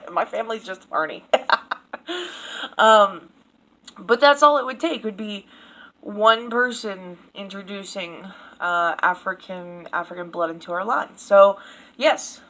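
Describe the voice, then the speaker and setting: A woman's voice: mid-range voice, a bit bright, poor audio. Blunt, swearing woman ranting to camera. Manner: blunt, swears freely, laughs at own jokes. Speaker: video blogger. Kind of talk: casual opinion rant to camera.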